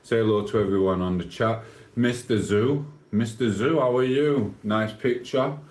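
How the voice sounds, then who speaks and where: A man's voice: on the low side, moderate pace, darkish tone, reverberant, rough recording. Blunt, offhand man streaming live. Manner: reads chat aloud, blunt and offhand. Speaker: livestreamer. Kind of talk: casual live stream chat.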